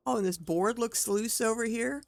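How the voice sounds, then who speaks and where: A woman's voice: a little high, moderate pace, gravelly, no room sound. A woman streaming a video game, talking casually as she plays, thinking aloud and exclaiming at what she finds. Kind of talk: casual gameplay commentary.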